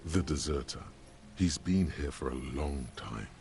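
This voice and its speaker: An actor playing a grave male narrator in a video game, speaking in measured, solemn tones from a distance. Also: very deep voice, lively intonation, background noise.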